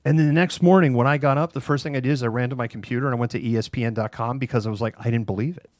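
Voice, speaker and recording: A middle-aged man hosting a casual talk show, telling a long anecdote in an animated way, laughing between phrases and using many fillers. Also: medium pitch, very fast, dry recording. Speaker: host. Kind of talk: casual chat, anecdotal storytelling.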